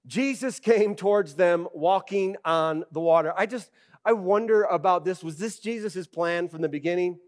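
A man preaching a sermon as pastor in an animated, conversational way, rising to loud bursts and using casual fillers like "okay" and "right". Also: high-pitched.

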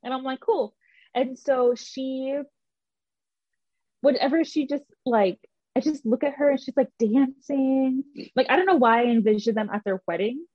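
A woman chatting casually as a mother, reflective and lively when quoting her child. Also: high-pitched, normal speed, no room sound, dull audio. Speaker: podcast co-host, mother of a daughter. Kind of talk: casual chat.

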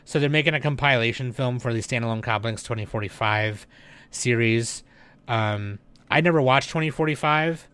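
A man's voice: medium pitch, normal speed, smooth. Casual male news podcast host. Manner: reads headlines, then adds relaxed offhand remarks with many fillers. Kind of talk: casual news reading with commentary.

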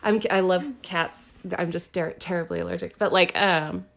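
A woman's voice: on the low side, steady tone, moderate pace, gravelly. A woman comedian co-hosting a casual podcast, giving dry, sarcastic reactions and rambling asides. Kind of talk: casual chat.

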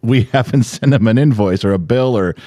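A man in his forties or fifties co-hosting a podcast, bickering with his wife in an exasperated, animated way and swearing now and then. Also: medium pitch, fairly quick, no room sound, studio quality. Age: 40s to 50s. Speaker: podcast co-host. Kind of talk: bickering casual chat.

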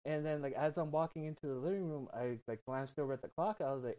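A man's voice: fairly high pitch, quick pace, mellow, low-quality recording. Rambling, swearing young man telling a story. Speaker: podcast guest. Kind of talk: casual storytelling.

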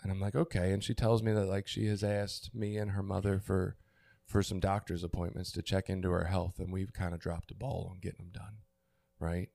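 Podcast co-host, middle-aged man, low gravelly voice, candid and tearful storytelling. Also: level tone, brisk, mellow, no echo, studio quality. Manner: candid, emotional storytelling with restarts. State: tearful, emotional. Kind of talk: casual chat.

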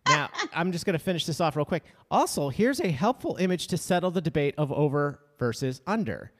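Lively-voiced male podcast co-host. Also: on the high side, brisk, big-room sound. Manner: jokey, reads listener emails aloud. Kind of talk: casual chat.

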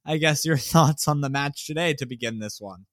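A man's voice: fairly high pitch, moderate pace, no room sound, studio quality. A man hosting a casual sports podcast, chatty and a little hesitant, with "um" and "like" as he talks. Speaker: podcast host.

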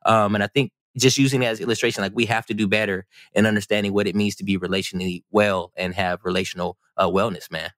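A man co-hosting a casual podcast, talking in an animated, rambling way with many restarts and fillers. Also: on the low side, quick pace, hardly any pauses, dry recording, clean studio sound. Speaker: podcast co-host.

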